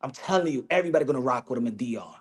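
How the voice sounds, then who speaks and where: A man's voice: medium pitch, animated, very fast, husky. A man talks boxing in a loose, rambling way, often restarting his sentences. He mixes in Spanish slang as he goes. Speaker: boxing commentator. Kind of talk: casual opinion vlog.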